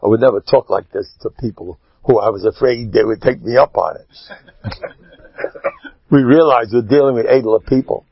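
A man speaks as a rabbi giving an animated Torah talk, emphatic throughout and swinging from loud exclamations to low asides. His moderate-paced voice has a breathy edge, and the lo-fi recording has no echo.

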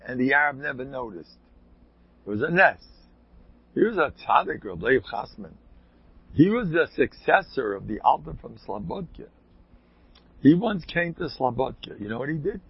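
A man's voice: medium pitch, expressive, moderate pace, gravelly, slightly rough, no room sound, muffled recording. A man telling rambling anecdotes in a casual way, with sudden emphatic bursts.

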